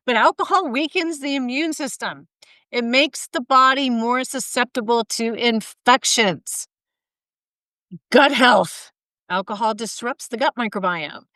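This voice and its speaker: A woman with a high, slightly bright voice hosts a solo health podcast as a health coach, recorded with no echo. She talks informally, drifting into asides and correcting herself, sounding a little tired and tongue-tied.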